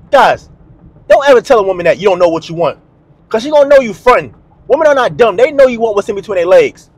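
A man's voice: high voice, very animated, quick pace, dry recording. A man hosting a dating advice video, talking bluntly and emphatically to camera in a slangy, repetitive way. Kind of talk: direct-to-camera advice monologue.

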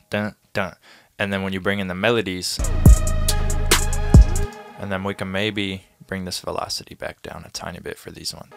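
Deep gravelly man over beat music. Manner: relaxed, talks through steps, vocalizes drum rhythms. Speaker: music producer teaching a tutorial. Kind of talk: casual screen-recorded tutorial. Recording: music playing behind the voice. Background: beat music playing.

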